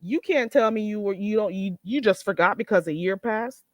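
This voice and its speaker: A woman's voice: medium pitch, normal speed, dry recording. A woman hosting a casual livestream, talking bluntly and swearing freely, reading and answering her chat. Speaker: livestream host.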